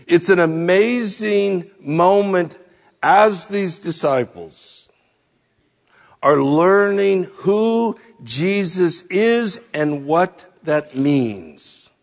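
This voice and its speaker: Man preaching, kinda high voice, real slow and deliberate, asks question after question, long echo like a big church hall. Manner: rhetorical, repeated searching questions, trailing off low at phrase ends. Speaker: pastor. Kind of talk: sermon.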